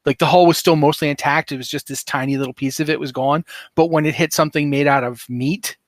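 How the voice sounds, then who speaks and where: A man's voice: fairly high pitch, steady tone, quick pace, no echo, clean studio sound. Rambling man running a tabletop game. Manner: rambling, vivid descriptions with many fillers. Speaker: game master.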